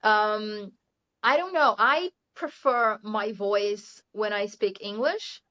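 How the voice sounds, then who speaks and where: A woman's voice: medium pitch, takes it slowly, pushed and bright. Chatty Brazilian woman, muffled lo-fi audio. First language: Portuguese. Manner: chatty, laughs often, says "you know" a lot. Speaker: English teacher, guest. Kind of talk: casual interview chat.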